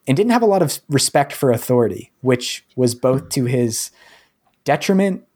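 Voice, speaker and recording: A man's voice: medium pitch, lively intonation, normal speed, a little mellow, husky. A man hosting a podcast in casual chat, rambling with many fillers. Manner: rambling, heavy use of 'like' and 'um'. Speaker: podcast host.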